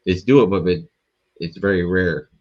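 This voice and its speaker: A man appearing as a podcast guest, telling a story in a rambling, profane, animated way. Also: deep voice, moderate pace, muffled recording. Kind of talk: casual storytelling.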